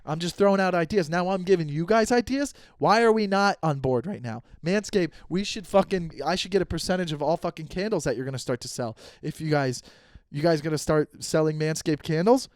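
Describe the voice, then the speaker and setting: A man's voice: on the high side, a little fast, no room sound, studio quality. A young man hosting a podcast, riffing through an improvised ad read in a rambling, profane, jokey way. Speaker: podcast host reading an ad. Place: non-studio room.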